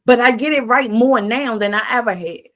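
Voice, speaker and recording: A woman livestream host with a fairly high voice speaks at normal speed, giving a motivational talk in casual vernacular. Before each answer she asks "Why?"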